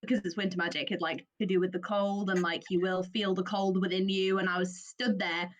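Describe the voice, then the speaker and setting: A woman from England co-hosting a podcast, telling an animated story with plenty of laughter and quoted voices. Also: on the low side, a little fast, muffled recording. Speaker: podcast co-host. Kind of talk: casual chat, storytelling.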